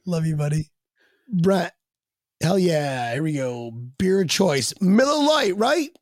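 A man's voice: sits high, sing-song, slow, no echo, clean studio sound. A man chatting as a guest on a fan podcast, rambling, swearing and laughing as he tells stories. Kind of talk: casual podcast chat.

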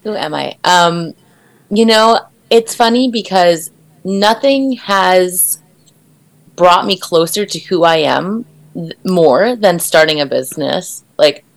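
Woman, podcast guest, very deep voice, hoarse from a cold, rambling and casual. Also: animated, takes it slowly. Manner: rambling, with ums and likes.

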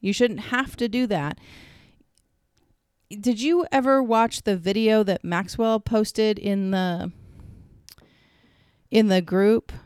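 A woman in her thirties chats earnestly as a co-host, her voice smooth and resonant. The sound is close and dry, with no room around it. She rambles through her points with restarts and turns flustered when teased. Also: mid-range voice, takes it slowly, long pauses, darkish tone, no room sound. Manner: earnest, reflective explaining with many restarts. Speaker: podcast co-host. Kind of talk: casual chat.

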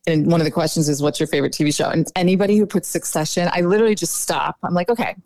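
A woman's voice: on the low side, racing, no room sound. Woman dating coach, chatty, says like a lot, dry close sound. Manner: chatty, animated, lots of "like" and "you know". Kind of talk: casual podcast interview.

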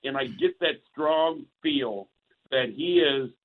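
A male caller phoning in to a talk show, rambling and slow. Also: a little high, a little hiss or hum. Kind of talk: phone-in commentary. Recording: tinny phone line.

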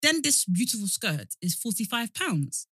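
Young essex woman on a podcast, bright animated voice, dry close sound. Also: on the high side, normal speed, slightly rough, no room sound. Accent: Essex English. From Essex, England. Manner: lively storyteller, acts out quoted people. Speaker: podcast co-host. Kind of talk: casual chat.

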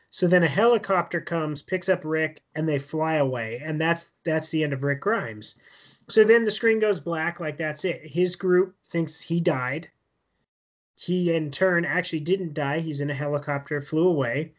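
A man's voice: a little high, moderate pace, fairly bright tone. A man co-hosting a podcast, casually recapping a TV episode in a rambling way full of fillers. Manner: rambling, filler-heavy storytelling with laughs. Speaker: podcast co-host. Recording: dull lo-fi podcast audio.

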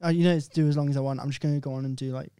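Liverpool comedian telling brisk anecdotes. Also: male voice, mid-range voice, clear, resonant tone, dry recording, clean studio sound. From Liverpool, England. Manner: animated anecdotes with quoted voices, swearing. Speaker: stand-up comedian, podcast guest. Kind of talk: casual chat, comic storytelling.

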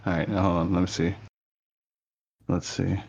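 A man's voice: low-pitched, little pitch movement, moderate pace, vocal fry, a little mellow, breathy edge, dull audio. A man co-hosting a podcast, chatting casually and often laughing as he retells jokes from a movie. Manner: laughs often, acts out lines in silly voices. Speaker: podcast co-host.

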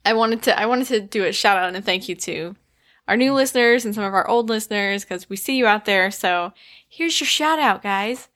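A woman co-hosting a casual podcast, chatty and quick to laugh as she reads out listener shout-outs. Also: medium pitch. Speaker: podcast co-host.

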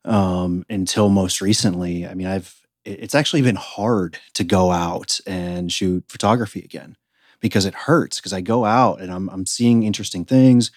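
A man's voice: sits low, fairly even intonation, normal speed, no echo, studio quality. A man in his thirties from the United States, a podcast guest telling his story in an earnest, reflective way. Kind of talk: casual interview conversation.

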